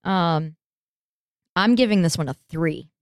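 A woman's voice: lowish voice, slow, dry recording, clean studio sound. A woman co-hosting a casual podcast, playful, laughing and frank. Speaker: podcast co-host. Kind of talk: casual chat.

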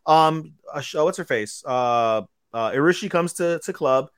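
Male podcast co-host, animated storyteller who acts out the dialogue, slightly high voice, dry sound. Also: smooth, dry recording. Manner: animated retelling, acting out character lines with quick voice jumps. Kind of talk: casual anime recap chat.

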